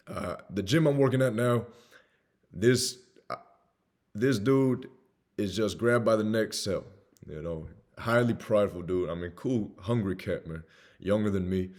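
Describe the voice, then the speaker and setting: A man's voice: fairly low pitch, measured pace, pauses often, darkish tone. A young man giving blunt, casual sales advice, swearing now and then and acting out sales calls. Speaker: sales coach. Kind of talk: casual monologue with acted examples.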